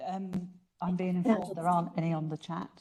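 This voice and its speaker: A British woman moderating a panel discussion, chatty and anecdotal and quick to laugh. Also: fairly low pitch, flat delivery, mellow.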